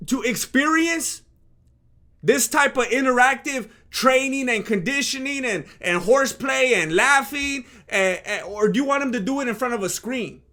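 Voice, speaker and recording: High-voiced slangy man doing reaction commentary. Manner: slangy and rhetorical, calls people "fool"; swings from low mumbling asides to loud outbursts. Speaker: reaction video host.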